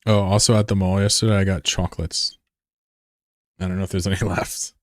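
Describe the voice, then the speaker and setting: A man's voice: low-pitched, flat delivery, brisk, no room sound, clean studio sound. A man leading an online game fleet on a live stream, talking casually in a rambling, joking way with plenty of swearing into his desk mic. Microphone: desk microphone.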